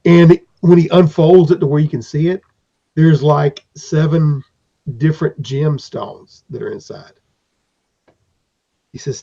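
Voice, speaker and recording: A man's voice: a little high, unhurried, creaky, long pauses, mellow. A man improvising narration as game master for a tabletop game, rambling, with fillers and restarts. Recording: dull lo-fi recording.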